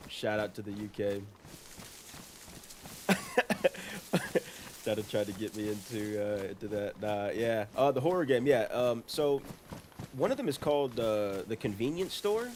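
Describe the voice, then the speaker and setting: A man's voice: on the low side, a little slow, pauses often, a little mellow, a little hiss or hum. A man chatting casually on a live game stream, playful, laughing often and greeting viewers in chat. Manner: laughs often, playful, trying silly voices.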